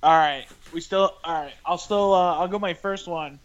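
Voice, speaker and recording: A man's voice: high-pitched, normal speed, dull audio. A man joining a casual podcast chat over a call, hesitant and searching for words.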